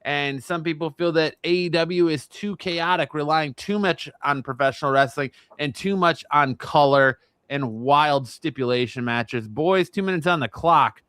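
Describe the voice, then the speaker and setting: A man's voice: on the high side, moderate pace, hardly any pauses, a bit bright, smooth, no echo. A man hosting a casual wrestling talk panel, playful and running the segments. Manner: playful, reads segment intros. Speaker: podcast host.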